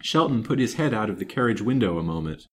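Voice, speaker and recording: A man reading a serialized novel aloud in a measured, expressive way. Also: on the low side, slight background noise. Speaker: storytime reader.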